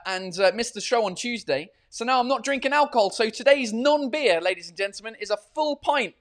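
A man hosting a casual live-stream podcast, rambling and swearing freely as he chats from a hot room with a fan running. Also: sits high. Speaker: podcast and livestream host.

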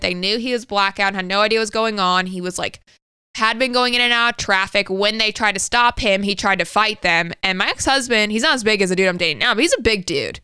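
Telling a personal story on the podcast she co-hosts, a woman in her thirties speaks candidly, casually and with plenty of swearing. Her medium-pitched voice is sharp, clear and resonant, with no room sound.

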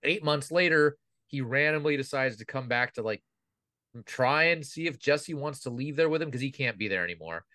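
A man's voice: mid-range voice, expressive, normal speed, pushed and bright, dry recording, clean studio sound. A man chatting about a movie in a wry, critical way, laughing as he talks. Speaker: podcast co-host. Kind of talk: casual movie discussion.

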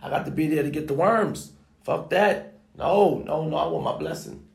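Gravelly-voiced man, emphatic and foul-mouthed preacher of self-worth, roomy echo. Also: fairly high pitch, moderate pace, darkish tone. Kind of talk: motivational rant. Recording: echoey room.

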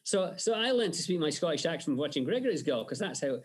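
A special-effects artist and director, appearing as a guest in a casual interview, tells stories animatedly, laughing often and using lots of fillers. His voice is a little high and slightly rough, and he talks fast.

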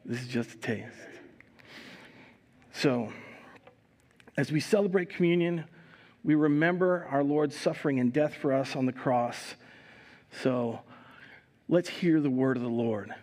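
A male pastor giving a communion sermon in a live church service, reading scripture expressively and adding relaxed, conversational asides. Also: medium pitch, unhurried, long pauses. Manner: reads scripture expressively, raising voice for quoted speakers.

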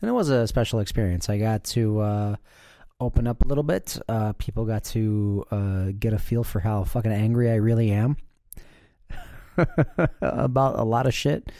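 Talking solo on his podcast, a man rambles casually and profanely, with plenty of fillers and restarts along the way. He has a lowish, mellow voice and keeps a moderate pace.

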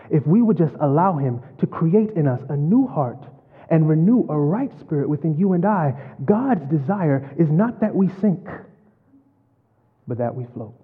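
Male preacher, slightly high, husky voice, long hall reverb; storytelling sermon. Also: phone-quality sound. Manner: storytelling preacher, dramatic swings from loud to hushed.

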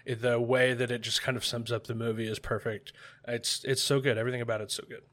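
Man, podcast co-host, casual chat, eager and teasing, middle pitch. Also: flat delivery, fast talker, fairly bright tone. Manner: enthusiastic, teasing.

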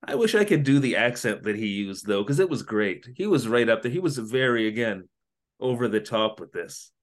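A man co-hosting a casual podcast, retelling an episode in an animated, jokey way. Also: mid-range voice, moderate pace. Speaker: podcast co-host. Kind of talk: casual comedic recap chat.

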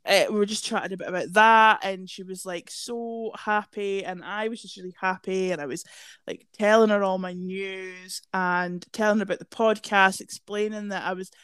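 A woman's voice: medium pitch, moderate pace, clean tone, dry recording. A young woman co-hosting a podcast, telling stories casually with lots of swearing. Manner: chatty, swears freely, lively storytelling. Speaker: podcast co-host.

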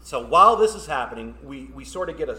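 A man's voice: a little high, animated, quick pace, bright, forceful tone. A man hosting a podcast, chattily recapping a movie's plot with his guest. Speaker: podcast host. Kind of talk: casual film discussion. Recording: roomy echo.

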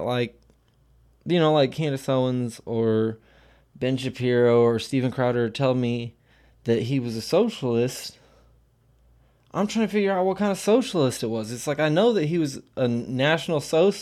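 A man's voice: medium pitch, moderate pace, a little mellow. A man streaming casual commentary while reading aloud, rambling with many fillers and blunt profanity.

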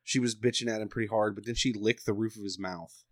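A man's voice: lowish voice, fairly even intonation, quick pace, no room sound, studio quality. A man in casual podcast chat, telling a story with a teasing manner. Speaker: podcast host or guest.

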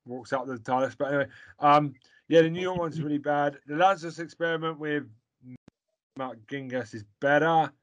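A man's voice: fairly high pitch, fairly even intonation, moderate pace, muffled recording. A man in casual chat, blunt and rambling, swearing freely as he gives his opinions.

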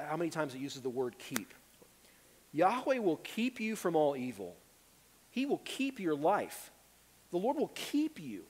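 A pastor preaching a sermon with earnest urgency, rising to loud pleas and dropping to hushed tones. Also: male voice, on the high side, breathy edge, long reverb tail. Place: church sanctuary.

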